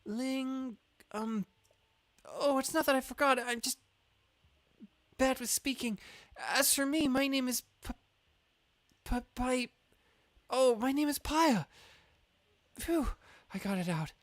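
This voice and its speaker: A man's voice: very high-pitched, slow, long pauses, dry recording, voice pushed up. A man voicing a shy young woman villager who stammers and trips over her own name. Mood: flustered. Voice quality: stammering, flustered.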